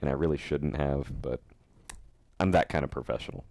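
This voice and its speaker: A man hosting a podcast, chatting casually and telling animated stories with frequent laughs and fillers. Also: extremely low pitch, brisk, no echo. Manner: animated storyteller, laughs often, many fillers. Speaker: podcast host. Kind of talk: casual chat.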